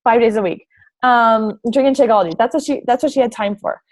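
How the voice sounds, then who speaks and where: Young woman, fitness coach, talking through slides, bubbly and gushing, slightly high voice. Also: a little fast. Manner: bubbly and gushing, lots of "like" and "oh my gosh". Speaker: fitness coach presenting to prospective recruits. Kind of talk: enthusiastic presentation over slides.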